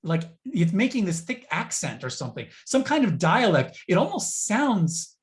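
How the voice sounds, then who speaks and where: A man's voice: sits high, sing-song, moderate pace. A man talks over a remote call as an interview guest. He rambles, restarts his sentences and pokes fun at himself in an easygoing, chatty way. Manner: rambling, self-deprecating, many restarts. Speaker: guest writer. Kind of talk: casual interview chat.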